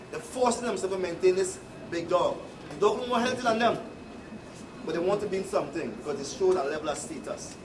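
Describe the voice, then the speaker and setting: A man with a Trinidadian accent giving a rousing, preacherly address to workers, with mocking asides. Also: sits high. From Trinidad and Tobago. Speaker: union leader addressing workers. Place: indoor workplace gathering. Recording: echoey room, far from the mic, noisy crowd.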